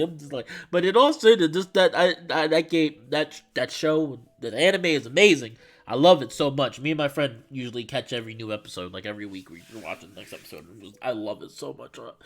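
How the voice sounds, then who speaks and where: A man streaming live, reading a visual novel aloud and chatting in an excitable, rambling way. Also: a little high.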